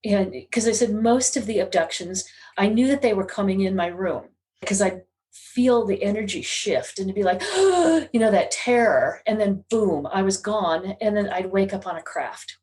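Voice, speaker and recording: On an interview podcast, the guest, a middle-aged woman who works as a psychic medium, recounts a personal story at normal speed. Her voice is of ordinary pitch, and her earnest, confessional telling carries constant emotion.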